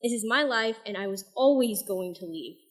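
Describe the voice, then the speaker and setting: A young woman reading her own poetry and a novel excerpt aloud at an open mic night, soft-spoken and a little self-deprecating between pieces. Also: medium pitch, lively intonation, moderate pace.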